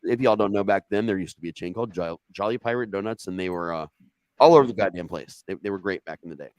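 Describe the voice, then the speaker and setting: A man's voice: low voice, fast talker, no room sound. A man from Ohio telling a casual anecdote, swearing freely and acting out the dialogue as he goes. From Ohio, USA. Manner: profane, animated, acts out quoted dialogue. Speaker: storyteller guest.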